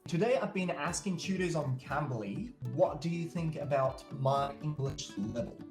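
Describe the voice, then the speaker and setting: A man's voice: on the high side, moderate pace, reverberant, music in the background. A man whose first language is Japanese, with a Japanese accent blended with Australian, hosting a casual video-call chat and searching earnestly for words. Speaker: host.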